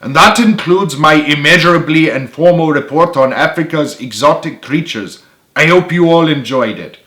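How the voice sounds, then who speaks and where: A man's voice: on the high side, moderate pace, bright, forceful tone, reverberant, voice pushed up. A man voicing a wordy, pompous young Scottish man, with a put-on Scottish accent and dramatic proclaiming. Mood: formal.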